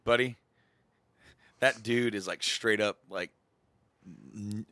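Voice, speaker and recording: A man's voice: lowish voice, steady tone, slow, sharp tone, no echo. A man in casual chat, joking and emphatic.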